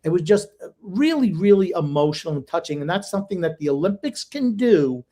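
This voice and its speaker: A man's voice: high voice, animated, brisk, dark tone. An older man co-hosting a sports podcast, blunt and emotional in casual chat. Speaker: podcast co-host.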